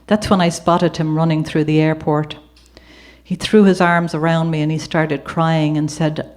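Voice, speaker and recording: A woman with an Irish accent tells her life story to a gallery audience, partly reading from a memoir and partly talking off the cuff. Her voice sits low, and her delivery slips easily from read prose into conversational asides. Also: fairly even intonation, moderate pace. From Ireland. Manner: warm conversational asides with occasional laughter. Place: gallery event before an audience.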